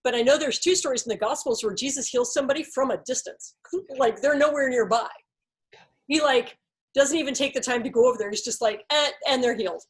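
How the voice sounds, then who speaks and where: A woman's voice: high-pitched, a little fast. A woman leading a casual Bible study discussion, explaining thoughtfully with examples and many "like"s and "you know"s.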